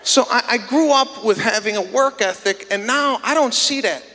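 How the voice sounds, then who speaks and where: High, bright-voiced exasperated stand-up man. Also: moderate pace, a little hiss or hum. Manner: indignant, exasperated storytelling with acted-out dialogue. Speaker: stand-up comedian. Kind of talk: stand-up set. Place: theater stage before a live audience. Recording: long theater reverb.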